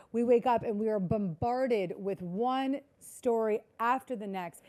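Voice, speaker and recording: A woman's voice: on the low side, mellow. A woman giving a keynote talk to a live audience, earnest and repetitive, often asking the audience questions. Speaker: keynote speaker. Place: conference hall before a live audience.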